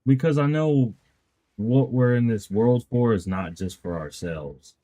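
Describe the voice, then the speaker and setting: A man's voice: mid-range voice, unhurried, warm tone. A man in casual chat on a stream, speaking in an earnest, reflective way. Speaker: guest in chat.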